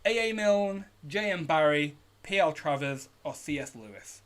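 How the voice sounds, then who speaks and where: A man's voice: a little high, animated, moderate pace. A British man hosting a live online pub quiz, upbeat as he reads out questions, answer options and team names. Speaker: quiz host. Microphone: home streaming setup.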